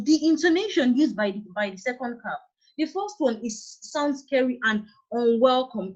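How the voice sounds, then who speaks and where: A woman with a Nigerian accent teaching an online English lesson, patient and repeating her points. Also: on the high side. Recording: dull lo-fi online class audio.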